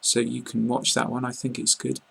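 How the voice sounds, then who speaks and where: Gravelly man with a southern English accent. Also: mid-range voice, moderate pace. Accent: southern English, received pronunciation. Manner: calm, plain explaining with frequent fillers. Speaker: English teacher. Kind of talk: online lesson.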